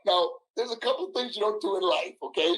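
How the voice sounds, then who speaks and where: A man in his sixties telling a story in an interview, animated, laughing, acting out everyone's voices. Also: sits high, fast, low-quality recording. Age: 60s. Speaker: guest, former wrestler.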